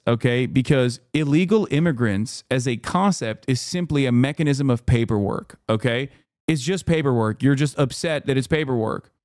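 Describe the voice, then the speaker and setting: A man's voice: medium pitch, darkish tone, dry recording, studio quality. A man streaming live, reading the news aloud and reacting to it in heated, profane, incredulous rants. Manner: reads news articles aloud between remarks. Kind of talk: livestream reaction commentary.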